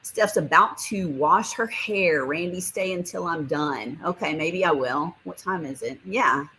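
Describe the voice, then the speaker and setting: A woman with a notably low-pitched voice hosts a relaxed livestream. She reads viewer comments aloud and answers them in a chatty, friendly way, laughing often. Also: measured pace, a little hiss or hum, rough recording. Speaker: livestream host. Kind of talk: casual livestream chat reading viewer comments.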